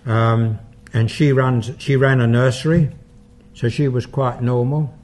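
A man's voice: medium pitch, steady tone, unhurried, a little mellow. An older man, a paranormal investigator, giving a public talk and taking audience questions, in a conversational, anecdotal way with asides and fillers.

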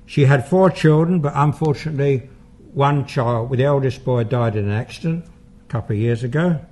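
An older male investigator speaks to an audience in a slightly raised register, his voice husky and a little rough at the edges. He tells his story at an easy pace and takes questions afterwards. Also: fairly high pitch. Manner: anecdotal, unhurried storyteller who acts out quoted dialogue. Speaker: paranormal investigator giving a talk.

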